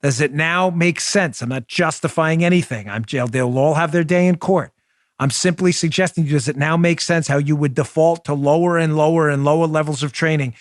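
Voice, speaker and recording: A man in his forties with a New York Queens accent hosts an opinionated talk show in a fairly high voice. He speaks emphatically and keeps putting rhetorical questions straight to his listeners. The recording is dry and close. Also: no room sound. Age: 40s.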